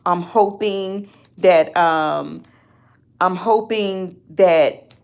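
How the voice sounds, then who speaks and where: A woman's voice: fairly low pitch, drawn-out words, gravelly, darkish tone. A woman talking in an upset, rambling vlog, often stopping and restarting her sentences. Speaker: vlogger. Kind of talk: emotional personal vlog.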